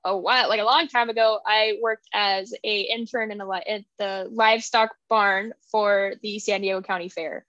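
A young woman co-hosting a book podcast, chatting casually, excitable, often laughing and acting out quotes. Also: mid-range voice, moderate pace, hardly any pauses, no echo, highs cut off. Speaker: podcast co-host. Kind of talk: casual chat.

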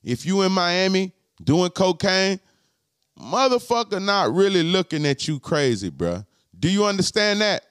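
A man with a fairly high voice hosts a podcast and talks straight to his live chat. His speech is slangy and full of swearing, and he goes back over his points slowly so everyone follows. The sound is close and dry, with almost no room echo. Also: very animated, fairly bright tone, clean tone. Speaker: podcast host. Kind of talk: casual live-stream chat.

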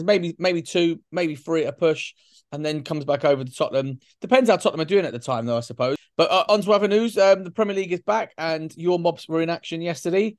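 A man's voice: on the high side, dry recording, studio quality. A man hosting a podcast, chatting and joking about football. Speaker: podcast host. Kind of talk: casual football chat.

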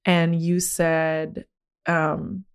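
A young woman hosting a podcast, candidly retelling a personal experience in animated, expressive conversation with lots of "like". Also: sits low, extremely slow, clean tone. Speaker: podcast host.

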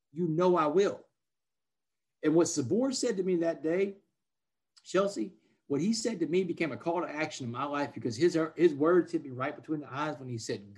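Male guest, 40s, fairly high-pitched, emphatic storyteller, casual and direct. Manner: emphatic, peppers speech with "man". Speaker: podcast guest, motivational speaker.

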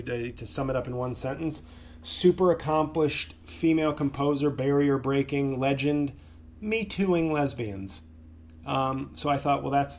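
A man who hosts a comedy podcast, ranting angrily and profanely, stumbling over his words as his voice swings from loud outbursts to low mutters. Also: a little hiss or hum. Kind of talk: solo podcast rant.

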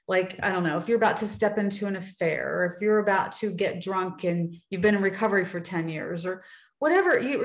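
A woman guest in casual conversation, telling personal stories earnestly and acting out the people she quotes. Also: mid-range voice. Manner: earnest storyteller, acts out quoted voices. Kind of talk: casual faith-tinged chat. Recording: roomy echo.

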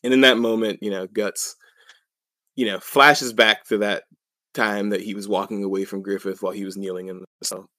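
A young man casually recaps a story on a podcast, rambling and full of fillers. His voice sits fairly low, and the recording is dry and close. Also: steady tone, moderate pace, bright, forceful tone, no echo. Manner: rambling, filler-heavy, chuckling. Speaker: podcast co-host.

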